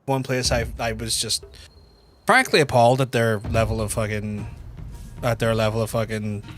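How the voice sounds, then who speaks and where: Sweary Northern Irish man streaming. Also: mid-range voice. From Northern Ireland. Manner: sweary, rambling, animated storyteller. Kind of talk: casual live-stream chat while gaming.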